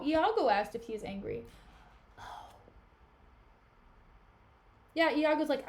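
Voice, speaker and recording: A woman streamer talking through a classic play in a casual, slangy way. Her voice sits a little high and her asides sound chatty and offhand. It is an informal live read-through. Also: moderate pace, long pauses, darkish tone. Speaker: streamer reading a play aloud.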